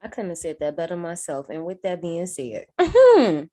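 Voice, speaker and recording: Animated woman recapping a movie. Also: lowish voice, moderate pace. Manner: animated, acts out characters' lines, swears freely. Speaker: podcast co-host. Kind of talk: casual movie recap chat.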